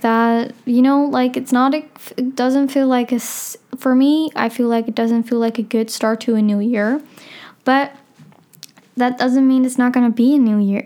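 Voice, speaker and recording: Teen girl, Dutch accent, solo podcast host; slow, rambling, self-deprecating, smooth clear voice. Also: on the high side, mellow. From Netherlands. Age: teens. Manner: chatty, rambling, self-deprecating, many fillers. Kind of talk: casual solo podcast chat.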